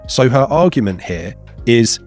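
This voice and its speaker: A man in his thirties gives a laid-back exam revision lesson, talkative and lively, putting on playful voices when he reads quotes. His voice is mid-range and unhurried, with soft music in the background.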